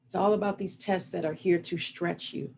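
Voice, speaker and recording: A woman's voice: lowish voice, fairly even intonation, normal speed, creaky, darkish tone, a little hiss or hum. A middle-aged woman coach giving a reflective, motivational talk over a video call. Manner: earnest, reflective, guiding listeners through an exercise. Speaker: relationship coach.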